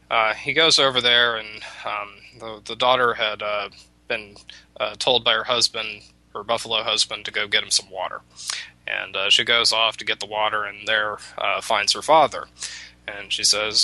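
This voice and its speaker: Bright-voiced man telling a folk tale. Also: lowish voice, steady tone, normal speed, dry recording, rough recording. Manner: rambling with many restarts. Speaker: radio show talker. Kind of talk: casual storytelling on talk radio.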